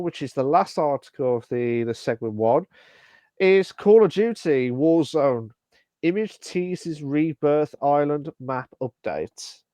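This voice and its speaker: Smooth-voiced man chatting casually. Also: on the high side, no room sound. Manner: halting, many fillers and restarts. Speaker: podcast co-host. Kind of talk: casual live-stream podcast chat.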